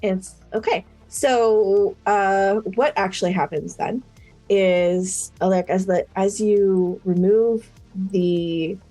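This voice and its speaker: Slow, hesitant woman game master. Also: medium pitch, mellow, soft background music. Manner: hesitant, many ums. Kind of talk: narrating a tabletop game.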